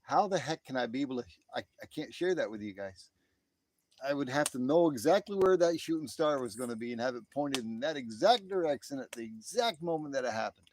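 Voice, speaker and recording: A man's voice: mid-range voice, animated, a little fast, slight background noise. A man hosting a casual late-night live stream, talking outdoors in a laid-back way, chuckling often and reading out chat messages.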